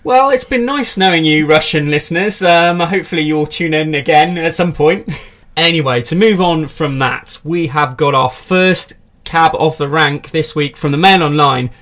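A man's voice: a little high, normal speed, fairly bright tone. Dry man reading tabloid news. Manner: dry, mock-serious reading with asides. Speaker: podcast host. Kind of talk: comic reading of tabloid articles.

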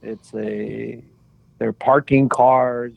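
Animated older man telling a story. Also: mid-range voice, very slow, creaky, dry recording, lo-fi sound. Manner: animated, laughing anecdotes. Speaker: guest, former soccer player. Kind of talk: casual storytelling.

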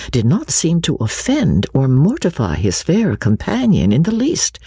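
Woman audiobook narrator, classic novel, husky gravelly timbre, very lively pitch, measured delivery. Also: no echo, clean studio sound. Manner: expressive, measured storytelling.

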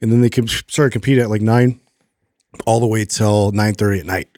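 A man co-hosting a podcast, telling a long story in a casual, rambling way with many fillers and animated retellings. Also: on the low side, fairly quick, dry recording, studio quality. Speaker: podcast co-host.

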